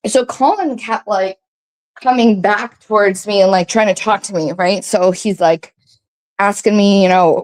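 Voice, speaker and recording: A woman's voice: medium pitch, moderate pace, darkish tone. A woman telling a long story in casual chat, rambling with many fillers, swearing freely and acting out what others said. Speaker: guest recounting a story.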